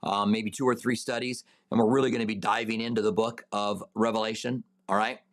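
A man teaching a Bible study and answering viewer questions, unhurried, with many fillers and restarts, and a raised, emphatic voice when reading scripture aloud. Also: fairly low pitch, little pitch movement.

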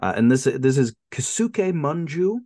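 A man's voice: fairly high pitch, measured pace, no room sound. A man co-hosting a film podcast in casual chat, chuckling often and retelling scenes. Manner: chuckling, retells scenes with animated quoted lines.

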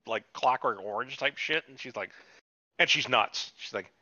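A man rambles through a story on a podcast, swearing freely and jumping his pitch up whenever he quotes a character. His voice has a bright, forceful edge. The recording is dry and slightly muffled. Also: moderate pace, no room sound. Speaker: podcast co-host. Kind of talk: casual chat, retelling a TV episode.

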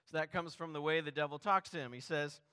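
Earnest, slightly high-voiced male preacher. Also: quick pace, pushed and bright, clean tone. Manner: earnest, conversational preaching with rhetorical questions. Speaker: pastor. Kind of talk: sermon.

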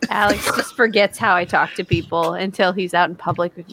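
A woman's voice: lowish voice, fairly even intonation, brisk, noisy background. A woman co-hosting a casual podcast chat, blunt and swearing, acting out quoted lines in put-on voices. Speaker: podcast co-host.

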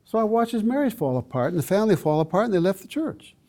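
Earnest older pastor with a warm, mellow voice. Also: male voice, high-pitched, sing-song, fast talker. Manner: earnest, emphatic, with asides to the audience. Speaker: pastor and seminar teacher. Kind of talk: teaching talk to a church audience.

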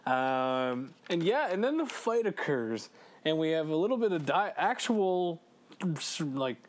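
A man co-hosting a casual video game chat, excitable, swearing freely and laughing often. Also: a little high, a little slow. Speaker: let's play co-host.

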